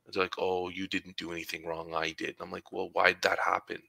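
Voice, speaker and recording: Man, very low voice, supply teacher, casual chat, acts out dialogue, dry close sound. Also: little pitch movement, brisk, gravelly, sharp tone, no echo, low-quality recording. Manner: storytelling, acts out dialogue with students. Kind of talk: casual conversation.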